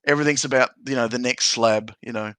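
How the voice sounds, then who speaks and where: A man's voice: medium pitch, fairly even intonation, fast talker, a bit bright, smooth, no room sound. A man hosting a casual podcast chat, joking and repeating himself as he talks. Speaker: podcast host.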